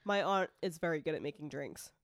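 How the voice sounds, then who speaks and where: A woman's voice: deep voice, a little fast, no room sound, clean studio sound. A woman co-hosting a podcast in casual, playful banter, telling stories and laughing. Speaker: podcast co-host. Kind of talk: casual chat.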